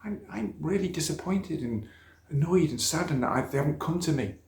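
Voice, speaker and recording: A man's voice: on the high side, animated, brisk, gravelly, darkish tone. A middle-aged man, telling stories in a sermon for young people. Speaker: speaker at a church youth talk. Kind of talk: storytelling children's sermon. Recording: echoey church room.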